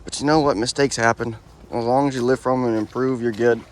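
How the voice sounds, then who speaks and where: A man's voice: mid-range voice, steady tone, quick pace. A young man in his twenties, a horse trainer, talking in a laid-back, rambling, reflective way while riding outdoors on a wooded trail. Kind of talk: casual vlog narration while riding. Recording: faint outdoor noise.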